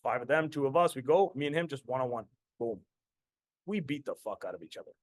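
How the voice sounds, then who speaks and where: A man's voice: mid-range voice, animated, quick pace, no echo. A man in his thirties from Canada, telling a personal story as a motivational host in an intense, repetitive way, swearing freely. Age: 30s. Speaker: podcast host and business coach.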